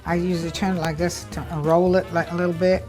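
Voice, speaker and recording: Over music, a woman with a lowish, level voice talks fast. She's a chef and cookbook author from South Carolina with a Gullah Geechee accent, casually and proudly chatting as she cooks outdoors at a family cookout, homey and explaining as she goes.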